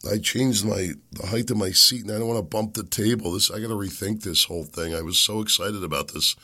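A man hosting a podcast while sick and losing his voice. He rambles and makes sarcastic, muttered asides into a desk boom mic. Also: fairly even intonation, brisk, pushed and bright. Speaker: podcast host. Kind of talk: casual commentary monologue. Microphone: boom microphone on a desk.

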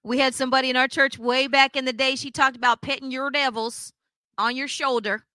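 Woman preaching on a church show, high bright voice, pushy questions at the crowd, dry sound. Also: fairly even intonation, fairly quick, dry recording. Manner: emphatic, asks the audience pointed questions. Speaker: co-host of a church broadcast. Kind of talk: preaching-style teaching.

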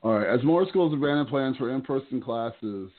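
A man from Indiana co-hosting a podcast, talking in casual chat with dry, profane, deadpan quips. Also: mid-range voice, moderate pace. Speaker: podcast co-host. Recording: tinny phone-like audio.

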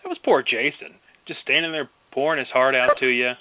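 A man's voice: medium pitch, steady tone, fairly quick, dry recording. A man hosting a radio interview, sympathetic and chatty with his guest. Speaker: radio host. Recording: tinny phone-like line, dry.

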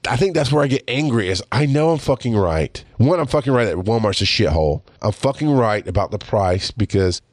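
A man's voice: medium pitch, expressive, fairly quick, few pauses, dry recording, clean studio sound. A man hosting his own podcast, telling a story in heated, profane monologue and putting on other people's voices. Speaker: podcast host. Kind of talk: casual monologue.

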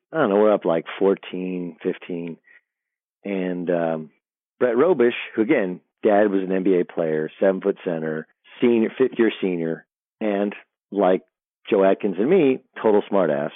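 A middle-aged man, a sports broadcaster, telling animated locker-room stories as an interview guest, often restarting his sentences. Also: low voice, moderate pace, no echo. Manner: animated storyteller, frequent restarts. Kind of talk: storytelling interview. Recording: dry tinny phone line.

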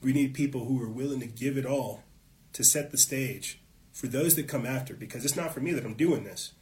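A man's voice: medium pitch, a little fast, a little mellow. A man hosting his own show, delivering an impassioned political monologue, fired up and swearing often. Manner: fired up, profane, preachy. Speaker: show host.

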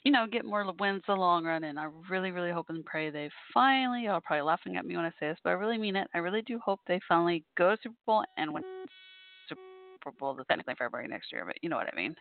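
A woman's voice: lowish voice, sing-song, racing. A woman hosting a live call-in podcast, chatting casually and wandering between topics, tired and yawning. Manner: chatty, meandering, tired with yawns. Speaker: podcast host. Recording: thin phone-like dry sound.

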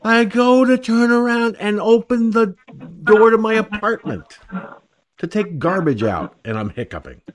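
The older host of an online talk radio show speaks in a high-pitched, expressive, unhurried voice. During casual call-in chat he rambles and jokes crudely about ordinary troubles.

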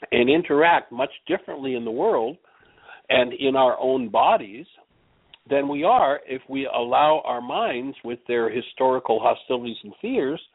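A man with a gravelly, husky voice speaks earnestly in a measured teaching tone. He tells a story to make his point. The sound is thin and phone-like, as if heard down a telephone line. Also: medium pitch, no echo. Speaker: radio show host and healing teacher. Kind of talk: spoken teaching with a told story.

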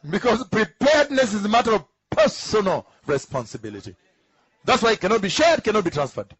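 A man preaching a teaching sermon, emphatic, who repeats key phrases slowly, asks rhetorical questions and chuckles between points. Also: high voice, sing-song, a bit bright, breathy edge, no room sound, low-quality recording.

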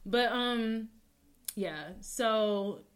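A woman's voice: a little high, drawn-out words, clean tone. A woman hosting a casual call-in talk show alone, speaking openly and emotionally after a few drinks, often asking listeners whether they follow her. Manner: candid and chatty, often asks listeners to agree.

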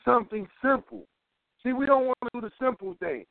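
A man's voice: extremely high pitch, fairly quick, gravelly, no echo. A man giving an impassioned political talk as an organizer, emphatic and preachy, repeating phrases for weight. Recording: tinny phone line, dry.

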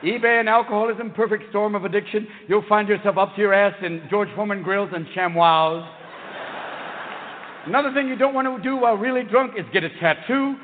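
A man doing a manic stand-up comedy routine, firing off jokes and bursting into shouted voices. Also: high-pitched, brisk, slight background noise. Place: large live venue. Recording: tinny, echoey live hall recording.

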